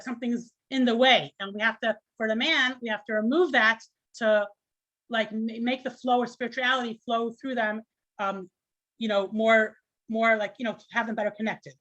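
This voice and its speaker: A woman's voice: a little high, a bit bright. A woman teaching an informal class, chatty and conversational, with many fillers and restarts.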